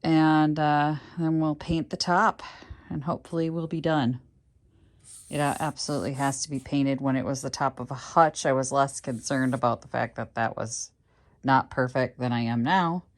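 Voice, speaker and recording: Low-voiced woman chatting through a furniture project. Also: steady tone, normal speed. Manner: chatty, talks to camera while working, mutters when frustrated. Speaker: furniture flipper vlogger. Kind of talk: casual workshop vlog. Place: home workroom indoors.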